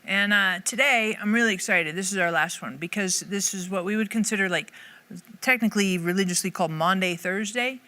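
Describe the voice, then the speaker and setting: A woman's voice: medium pitch, a little fast, bright, forceful tone. A woman Bible teacher giving a casual devotional talk to camera, earnest and conversational, thinking aloud as she goes.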